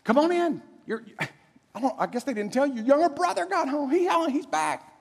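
A man acting out a soft-hearted father gently pleading with a sulking son, his voice lifting high. The words ring out in a hall with a long echo behind them. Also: very animated, fairly quick, vocal fry, exaggerated voice. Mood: coaxing. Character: kind worried father coaxing his son. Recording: echoey hall.

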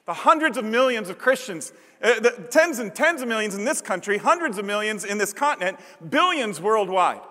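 A pastor preaches a sermon in an earnest voice, hammering his points home through repetition. His voice is high and bright. It rings out with the long echo of a large hall. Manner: earnest, building repetition and emphasis.

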